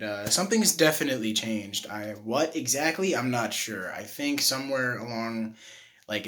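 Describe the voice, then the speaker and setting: A man's voice: medium pitch, sharp tone. Young man rambling through a vocal tutorial. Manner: rambling, many fillers and restarts, swears casually. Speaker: self-taught vocal tutor. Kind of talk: casual tutorial monologue.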